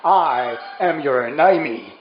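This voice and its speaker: A man voicing a big, hostile supermarket worker who speaks slowly and menacingly. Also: on the high side, lively intonation, music in the background. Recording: roomy, dull lo-fi sound.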